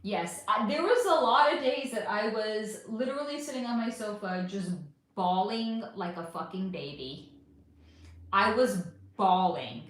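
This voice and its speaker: A woman's voice: mid-range voice, lively intonation, measured pace. Chatty American woman in an echoey room. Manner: affectionate, swears freely, calls viewers honey. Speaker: livestream host. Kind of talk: casual chat reading viewer comments. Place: at home under a bright light.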